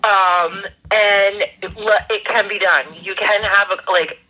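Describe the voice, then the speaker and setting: A woman's voice: mid-range voice, steady tone, takes it slowly, bright, forceful tone, low-quality recording. A woman from New Jersey, a podcast host, talking in a brash, blunt, casual way. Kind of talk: casual chat.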